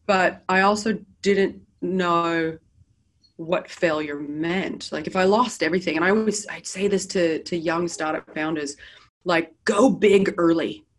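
Middle-aged American woman, interview guest, lower voice, candid and wry. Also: unhurried. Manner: candid, lively and self-deprecating. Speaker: guest, business founder. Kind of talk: casual interview storytelling. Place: office.

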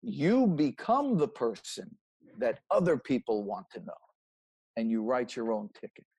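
A man voicing his older French father, speaking in a French accent and giving slow, deliberate advice. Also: mid-range voice, big pitch swings, darkish tone, slightly rough, dry recording, pitched below the performer's own voice, exaggerated voice. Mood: fatherly.

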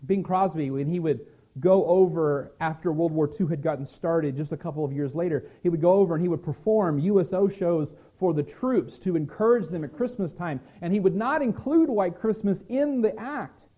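A man preaching a sermon as pastor, earnest and gentle, sometimes stumbling over a word and restarting. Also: fairly high pitch, normal speed.

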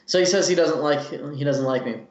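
A man with a slightly high voice jokes and laughs quickly while playing a tabletop game. The room sounds dull and echoey.

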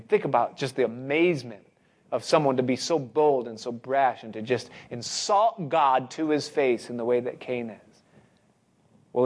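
A man preaching a sermon, speaking expressively with dramatic pauses and rising emphasis. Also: mid-range voice.

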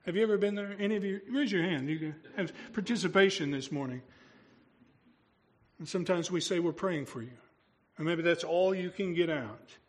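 Speaking quickly in a high register, this pastor walks his congregation through the story casually, asking them questions he doesn't expect answered.

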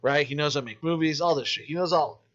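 A man who makes independent films, telling stories in casual podcast chat, animated and full of swearing. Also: on the high side, fast, highs cut off. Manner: profane, animated storytelling. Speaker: independent filmmaker.

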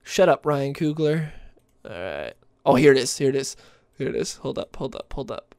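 A man's voice: mid-range voice, lively intonation, moderate pace, darkish tone. A man hosting a podcast in casual chat, rambling with many fillers and restarts. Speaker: podcast host.

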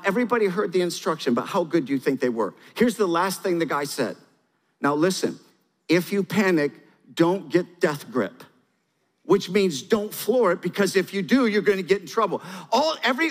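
A man's voice: sits high, lively intonation, quick pace. Man preaching in a reverberant hall. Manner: storytelling, asks the crowd questions, repeats key phrases. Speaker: pastor. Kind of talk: sermon.

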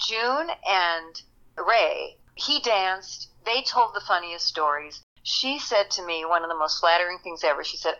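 An older actress reminiscing in an interview, animated and quick to laugh. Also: female voice, on the low side, lo-fi sound. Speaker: actress guest. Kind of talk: interview storytelling.

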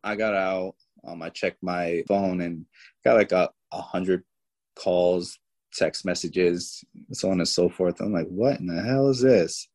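A man guest in an interview, telling his own story in an animated way and voicing the people in it. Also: low-pitched, slow, poor audio.

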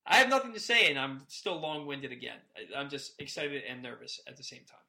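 Bright-voiced, rambling man on a podcast. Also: medium pitch, a little fast, gravelly. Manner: rambling, animated, repeats words when worked up. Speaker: podcast co-host. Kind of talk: casual sports chat.

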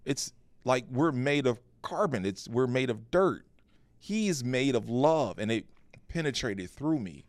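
A man, a pastor co-hosting a podcast, telling a personal story in an earnest, animated way with frequent restarts. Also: mid-range voice, unhurried, no room sound. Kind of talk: casual podcast conversation.

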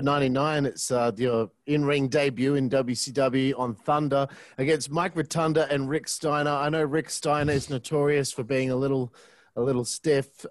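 A man's voice: mid-range voice, dry recording. A male podcast host asking interview questions from his notes, easygoing.

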